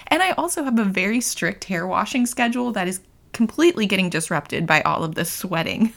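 A woman's voice: mid-range voice, expressive, a little fast, vocal fry, fairly bright tone. A woman in her thirties hosting a podcast, talking casually and candidly with many "like" fillers and easy laughter. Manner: chatty, frequent "like" fillers, laughs easily. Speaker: podcast host. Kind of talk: casual personal chat.

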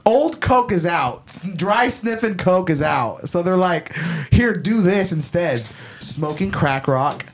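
A man's voice: sits high, a little slow, few pauses. A young man co-hosting a podcast, rambling in slangy casual talk and laughing often. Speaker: podcast co-host. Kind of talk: casual chat.

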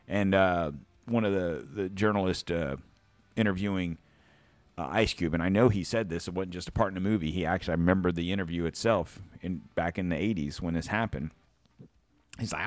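A man hosting a podcast, ranting casually and profanely, swinging between loud outbursts and low mutters. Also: moderate pace, dry recording. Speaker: podcast host.

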